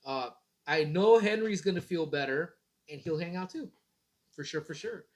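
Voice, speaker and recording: A man's voice: fairly high pitch, expressive, moderate pace. A man in his thirties hosting a casual morning livestream, rambling in a laid-back way and swearing casually. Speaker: livestream host.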